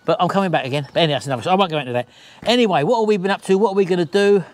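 A man's voice: high-pitched, rapid-fire. A middle-aged man, chatting casually to camera at home, jokey and rambling. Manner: chatty, rambling, jokey, calls wife baby. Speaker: vlogger host.

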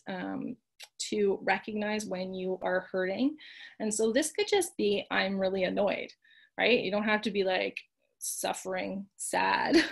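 Workshop presenter, middle-aged woman, mid-pitched voice, gentle conversational teaching with frequent check-ins. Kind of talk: instructional talk.

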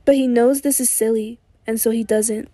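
A hoarse woman narrates a novel in a measured, steady reading voice. Her tone is fairly high yet mellow and dark, and the pitch barely moves. The recording is dry and close, with no room sound. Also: dry recording. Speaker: audiobook narrator. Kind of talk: literary audiobook narration.

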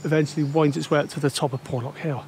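A man's voice: a little high, fairly even intonation, quick pace, darkish tone, a little hiss or hum. A man chatting casually to camera while hiking a steep coastal path, a little out of breath. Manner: chatty, out of breath on uphill walk. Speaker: walking vlogger. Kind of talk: casual walking commentary. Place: outdoors on a windy coastal footpath.

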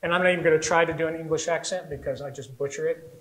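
Animated American man preaching, high voice. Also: very fast, rough recording. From United States. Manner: animated storytelling, acts out little voices. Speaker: pastor. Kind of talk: sermon.

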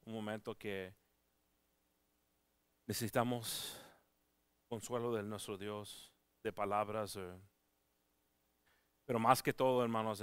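Male preacher, earnest and halting, dry close sound, low pitch. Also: a bit bright, clean tone, no echo. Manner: earnest, halting delivery with frequent restarts. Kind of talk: church sermon. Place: church service.

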